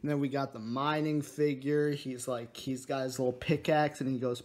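A man's voice: medium pitch, flat delivery, normal speed. A teenage boy reviewing a building toy set in a jokey, rambling way, recorded on a phone at home. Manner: rambling, jokey, drops into mumbles. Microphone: phone camera.

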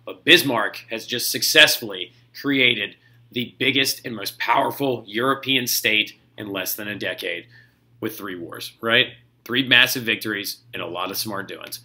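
A man teaching a history lesson to his students in a casual, jokey, energetic way, talking straight to them. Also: fairly low pitch, a little slow. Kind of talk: casual recorded classroom lecture.

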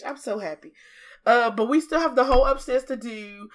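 A woman's voice: a little high, normal speed. A woman with a Southern US accent and a stuffy, congested nose chats casually over a video. She is bubbly, playful and chatty. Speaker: gaming YouTuber.

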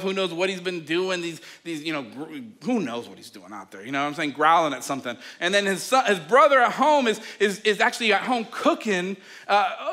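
A male pastor who preaches a sermon, tells the story in a lively way, and talks straight to his listeners. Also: high-pitched. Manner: animated storytelling, acting out scenes; addresses listeners directly.

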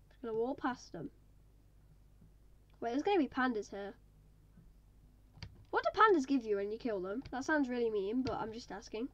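High-voiced woman chatting over gameplay. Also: a bit bright, muffled recording. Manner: chatty, talking to viewers while playing. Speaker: gaming video maker. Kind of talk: casual gameplay commentary.

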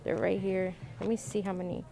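Vlogging on a handheld phone as she moves through stores and streets, this young Dominican Republic woman talks bluntly and chattily, with profanity. Her medium-pitched voice is brisk, with vocal fry and little pitch movement. Soft music sits under loud public noise in the phone audio.

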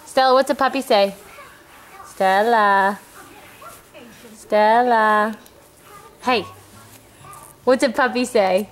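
Young mother, high voice, slow unhurried coaxing, scolding toddlers, noisy home video. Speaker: parent filming her small children.

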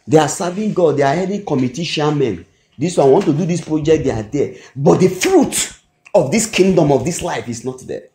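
A man with a Nigerian English accent preaching a sermon, often pausing to ask the congregation "what?" so they fill in the word. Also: fairly high pitch, lively intonation, mellow. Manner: call-and-response, asks the congregation "what?" to fill in words. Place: church hall. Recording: echoey hall recording.

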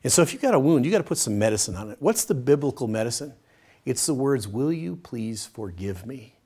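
A man teaching a Bible study session in a conversational, demonstrative way, acting out short everyday dialogues in a softer voice. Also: medium pitch, big pitch swings, brisk, husky. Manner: demonstrative, uses a pen as a prop.

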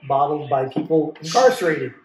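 Casting: man, mid-pitched voice, deadpan wisecracks, roomy echo with faint noise behind. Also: moderate pace. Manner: dry wisecracks, often trailing off quietly. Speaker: podcast co-host. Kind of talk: casual chat. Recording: echoey room, faint noise.

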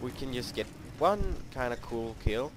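A man's voice: mid-range voice, lively intonation, measured pace, background noise. A young man giving live commentary over his own gameplay, frustrated, swearing and mocking his own skill in rambling talk.

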